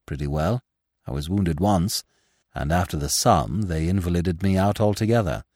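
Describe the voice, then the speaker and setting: A man's voice: low voice, moderate pace, darkish tone, dry recording, pitched below the performer's own voice. A man playing a reserved young ex-soldier who answers in a dry, courteous, understated way. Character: polite, reserved young ex-soldier, a bit stiff.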